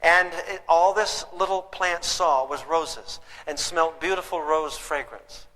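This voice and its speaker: Speaking a little slowly, an older man with a slightly high, sharp-toned voice gives a live parenting lecture. He's emphatic in his stories and asks the audience rhetorical questions, with long hall reverb throughout.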